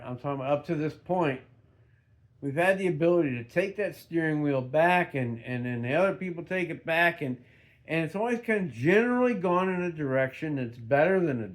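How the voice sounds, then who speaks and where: A middle-aged man giving an unscripted, rambling vlog monologue, swearing freely and restarting his sentences often. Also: fairly high pitch. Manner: rambling, profane, with frequent restarts. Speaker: vlogger.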